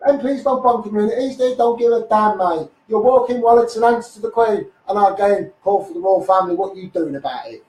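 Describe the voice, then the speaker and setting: A man with a Liverpool accent, hoarse, ranting combatively on a live stream and calling viewers mate. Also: sits high, a little fast, hardly any pauses, darkish tone. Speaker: activist livestreamer. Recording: echoey, mic held at a distance.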